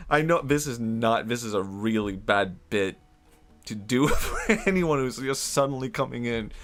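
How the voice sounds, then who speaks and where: A man streaming live and retelling a story in a rambling, animated way, laughing often. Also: mid-range voice.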